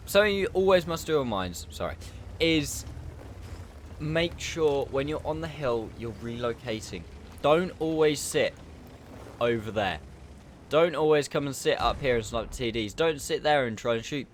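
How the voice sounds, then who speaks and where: A man's voice: mid-range voice, slight background noise. A man giving casual, chatty commentary over his own gameplay, explaining tactics and poking fun at himself.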